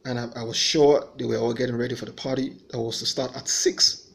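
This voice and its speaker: A man's voice: mid-range voice, steady tone, a little fast, vocal fry. A man giving an earnest personal faith testimony, telling his story and voicing remembered dialogue.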